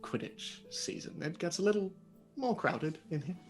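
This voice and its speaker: A man's voice: high voice, very animated, moderate pace, faint music behind. A man playing a kindly old-school hospital matron. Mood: gentle. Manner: gentle, polite, chatty. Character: kindly middle-aged female hospital matron.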